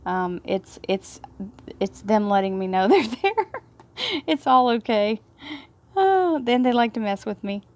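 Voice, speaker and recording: A woman's voice: fairly high pitch, takes it slowly, pauses often. Effusive Texas Southern woman reading tarot. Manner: effusive, prone to excited laughter and hushed prayers. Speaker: tarot reader.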